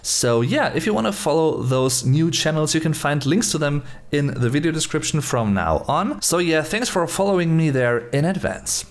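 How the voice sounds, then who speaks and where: A man's voice: fairly high pitch, expressive, normal speed, few pauses. German man musing over pronunciation. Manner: hesitant, musing, repeats phrases while practicing. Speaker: channel host. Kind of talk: casual language-learning commentary.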